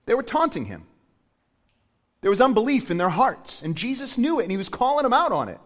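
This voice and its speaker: A male pastor preaching a sermon with animated storytelling, often slipping into quoted voices. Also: extremely high pitch, a little fast.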